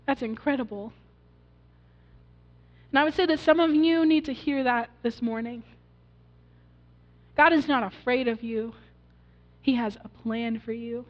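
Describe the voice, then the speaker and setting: A woman pastor preaches earnestly, telling the story and pulling the congregation in with questions. Her voice sits high. The recording is dull and muffled, with a long reverb from a church sanctuary. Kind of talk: sermon.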